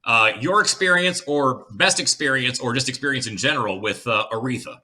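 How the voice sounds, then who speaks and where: A man from Detroit hosting a casual interview, asking halting questions with fillers. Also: mid-range voice, pushed and bright. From Detroit, USA. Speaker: podcast host.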